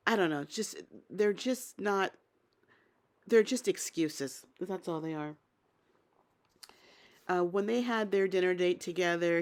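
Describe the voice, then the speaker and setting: A woman with a slightly low voice talks through a reality show episode in a relaxed, chatty recap. She is opinionated and thinks out loud, weighing each moment as she describes it. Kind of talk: casual spoken episode recap.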